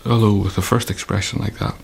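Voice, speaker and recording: An Irish man recalling his time as a hostage in a measured, storytelling interview with wry humour. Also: on the low side, flat delivery, vocal fry, a little hiss or hum. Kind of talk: reflective interview recollection.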